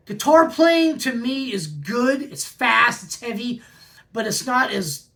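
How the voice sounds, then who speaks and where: Vlog host, forties, gravelly voice of middling pitch, keen and chatty. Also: expressive, slow, fairly bright tone. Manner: enthusiastic, repeats praise words. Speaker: metal record collector host. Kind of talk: casual album review vlog.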